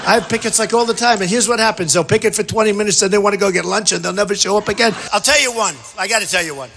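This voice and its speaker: A man's voice: sits high, racing, sharp tone, a little hiss or hum. A man giving a campaign rally speech, combative and repetitive, talking straight to the crowd. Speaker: political candidate. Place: large rally venues.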